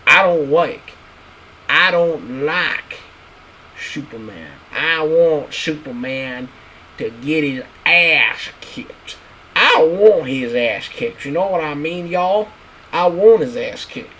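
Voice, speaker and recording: A man's voice: fairly high pitch, lively intonation, slow pace, bright, forceful tone, a little hiss or hum, low-quality recording. Blunt, mumbly man ranting on stream. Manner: blunt, crude, repetitive, mumbling. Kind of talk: casual stream rant.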